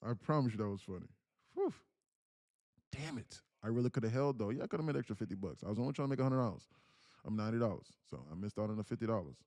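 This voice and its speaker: A man's voice: on the low side, lively intonation, very fast, darkish tone, dry recording, clean studio sound. A man live-streaming his day trades, talking casually to his chat and breaking into laughter.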